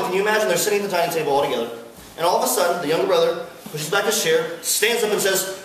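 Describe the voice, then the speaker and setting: A man giving a sermon at a campus fellowship, animated and playful with the audience laughing along. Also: high voice, fast. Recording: echoey hall from far off, faint hiss.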